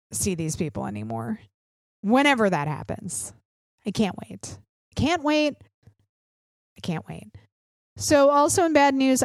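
This thirty-something woman speaks in a clean, mid-range voice, recorded at studio quality with no room sound. On her political podcast she rants bluntly and sarcastically, swearing often as she airs her opinions.

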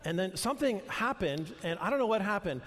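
An older pastor with a high, somewhat bright voice preaches a sermon, animated and fairly quick. His delivery is earnest and conversational, with phrases restarted along the way, and a large hall's long reverb surrounds him.

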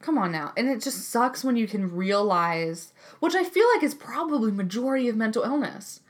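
A woman's voice: a little high, normal speed. A young woman in her twenties, a graduate student, chatting casually and animatedly, swearing freely. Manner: animated, acts out voices in quotes, swears freely. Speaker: podcast co-host, grad student. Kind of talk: casual chat.

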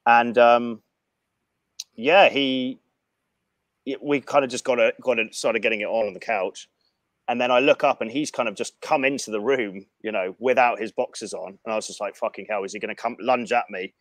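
A man telling a profane anecdote in casual chat, animated and frank. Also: medium pitch, normal speed, dry recording. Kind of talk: casual storytelling.

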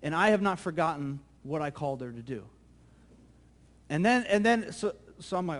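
A male pastor preaching a sermon, telling a story in a lively, conversational way that often repeats words. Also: sits high, fairly quick. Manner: animated, conversational, repeats words when excited.

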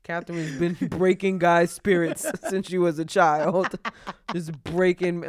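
A woman's voice: lowish voice, flat delivery, unhurried, a little hiss or hum. A young pregnant woman co-hosting a casual podcast chat, talking in slang, laughing often and acting out quotes. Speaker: podcast co-host.

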